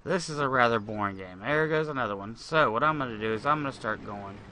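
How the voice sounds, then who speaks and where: A man narrates his own tank game in a casual, meandering way, thinking aloud and cursing when things go wrong. His voice sits mid-range in pitch but carries a bright, tense edge. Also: animated, fast talker, slight background noise. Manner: rambling, profane, thinks aloud. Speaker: gaming channel host. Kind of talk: casual gameplay commentary.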